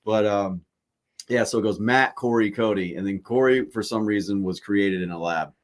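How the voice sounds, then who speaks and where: Profane, rambling man, lowish voice. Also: moderate pace. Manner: loose, profane storytelling with frequent fillers. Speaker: podcast host. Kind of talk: casual chat.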